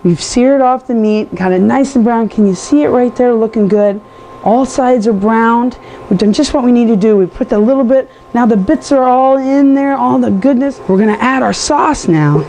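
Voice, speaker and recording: A woman's voice: on the high side, normal speed, mellow, slight background noise. A woman hosting a home cooking show, chatting to viewers with enthusiasm as she cooks. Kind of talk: casual cooking demonstration.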